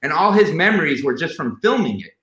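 A man's voice: a little high, sing-song, fast talker, sharp tone, echoey room, low-quality recording. A man casually telling personal stories about a late friend, with many fillers and restarts. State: emotional, near tears. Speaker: guest sharing memories of a late friend. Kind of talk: casual storytelling on a podcast.

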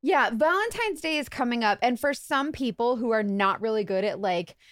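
A woman co-host with a high voice that swings a lot reacts emphatically in casual podcast chat. Her voice is dry and close. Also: expressive, moderate pace, fairly bright tone, dry recording.

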